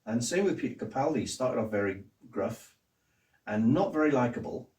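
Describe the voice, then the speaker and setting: A man in his sixties hosting a casual interview, telling stories in an animated way. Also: medium pitch, moderate pace. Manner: animated storyteller who slips into impressions. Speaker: host. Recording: echoey room, mic at a distance.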